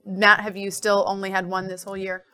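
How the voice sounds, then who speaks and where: A woman's voice: medium pitch, monotone, a little fast, bright, forceful tone, slight background noise. Chatty upbeat woman podcast co-host. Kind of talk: casual podcast chat.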